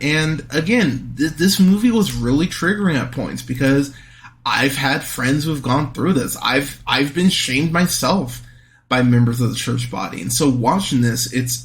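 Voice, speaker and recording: A man's voice: mid-range voice, a bit bright. Blunt, cursing man reviewing a film. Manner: blunt, swears freely, exasperated outbursts. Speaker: movie podcast host. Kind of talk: casual film review monologue.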